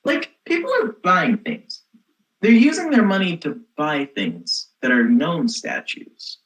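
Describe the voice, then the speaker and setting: A young woman playing a snarky rebellious teen girl in a comic stage monologue, sarcastic and exasperated, with a lively voice. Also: lowish voice, measured pace, rough recording. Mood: sardonic. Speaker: student actor.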